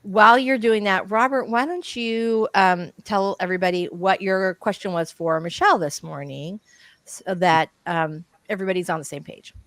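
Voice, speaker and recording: A woman's voice: medium pitch, fairly even intonation, normal speed, fairly bright tone, dry recording. A woman co-hosting a casual writing livestream, bubbly and chatty with lots of enthusiasm.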